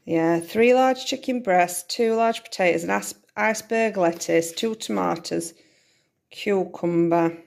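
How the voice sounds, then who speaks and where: A woman's voice: mid-range voice, a little slow, vocal fry, darkish tone. A woman vlogging casually at home, rambling and thinking aloud as she interrupts herself. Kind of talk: casual chatty vlog. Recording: echoey room.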